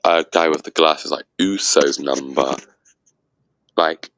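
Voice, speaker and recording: Very deep-voiced man, dry close sound. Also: steady tone, slow, gravelly, a bit bright, no room sound. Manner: thoughtful, hedging with fillers. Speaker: guest panelist. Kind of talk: casual discussion.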